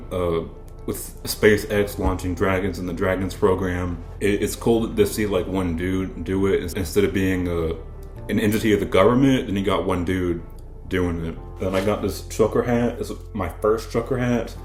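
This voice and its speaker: Young man from the South, low-pitched, laid-back vlog chat, roomy echo with faint music behind. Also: steady tone, normal speed, darkish tone. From American South. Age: young adult. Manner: rambling, restarts often, laid-back storytelling. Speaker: vlogger. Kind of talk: casual show-and-tell chat. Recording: echoey room with faint music.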